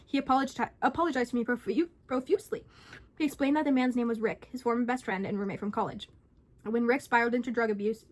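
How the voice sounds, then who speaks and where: High-voiced young woman telling a scary story. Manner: animated, dramatic reading. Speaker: vlogger. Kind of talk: reading a scary story aloud.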